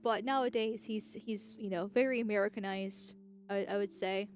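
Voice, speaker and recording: A woman's voice: medium pitch, steady tone, moderate pace, faint music behind. A young woman from the United States talking casually on a livestream, rambling and chatty with lots of restarts and laughs. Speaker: political streamer.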